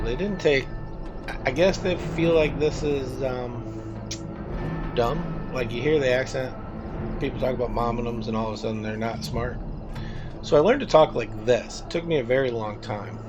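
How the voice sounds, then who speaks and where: A man's voice: mid-range voice, normal speed, muffled recording, music in the background. A man from the American South with a Southern accent, casually commenting as he livestreams a video game and reacting to his chat. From Southern United States. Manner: chatty, rambling, reacts to chat. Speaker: streamer.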